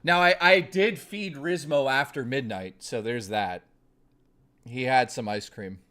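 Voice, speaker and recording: Speaking at a medium pitch and a slightly slow pace, a man with a bright, forceful voice addresses his stream's chat. His talk is casual, profane and joking, meandering with plenty of false starts.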